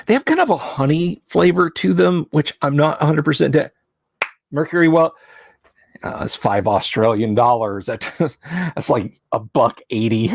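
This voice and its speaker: A man's voice: on the high side, expressive, vocal fry, dry recording. Man chatting on a dry livestream. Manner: rambling, teasing, halting with fillers. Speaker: livestream host. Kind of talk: casual livestream chat. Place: home studio.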